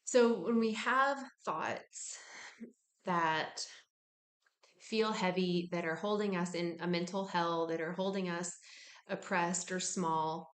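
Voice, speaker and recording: A woman giving a casual self-help talk, relaxed and frank, with casual swearing. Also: fairly low pitch, slow, echoey room. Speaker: wellness speaker.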